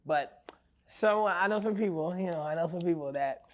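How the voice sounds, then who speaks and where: Animated man telling a story, pitch rising. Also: normal speed. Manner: animated, voice climbs and gets loud when excited. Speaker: podcast guest. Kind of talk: casual storytelling chat.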